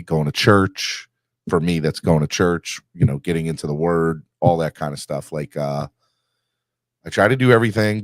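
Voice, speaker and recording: A podcast host with a bass voice talks earnestly about sports in a casual, rambling chat packed with fillers. The recording is studio quality with no echo.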